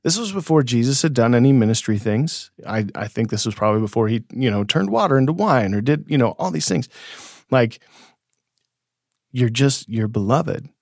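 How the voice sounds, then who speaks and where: A man's voice: medium pitch, expressive, moderate pace, gravelly, darkish tone, no room sound, clean studio sound. A man co-hosting a casual conversation about faith and ministry, reflective, laughing easily and restarting his sentences as he thinks aloud. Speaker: podcast co-host.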